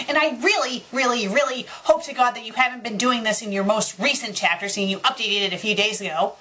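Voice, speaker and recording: A woman with a bright, piercing voice reads a poorly written story aloud in a fairly high register. She keeps cutting in with sarcastic, exasperated commentary as the host of a critique show. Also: fairly quick, hardly any pauses, slight background noise. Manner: exasperated, mocking rants. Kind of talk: sarcastic dramatic reading with commentary.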